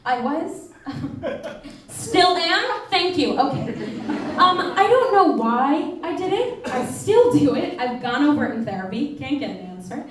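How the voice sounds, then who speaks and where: High-voiced woman doing stand-up. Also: big pitch swings, a little slow. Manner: oversharing, self-mocking, laughs between punchlines. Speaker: stand-up comedian. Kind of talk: stand-up comedy set. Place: theater stage with live audience. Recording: distant, echoey live stage recording.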